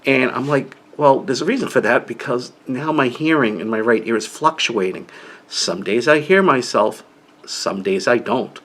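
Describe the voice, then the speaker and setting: A man vlogging casually to camera about his own experience, rambling along and swinging between talking softly and very loudly. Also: medium pitch, moderate pace. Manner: rambling, conversational.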